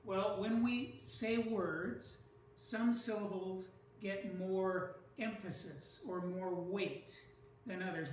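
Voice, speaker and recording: A teacher giving a lesson on poetry, speaking slowly and deliberately and sounding out stressed syllables. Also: medium pitch, a little hiss or hum. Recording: echoey room from far off.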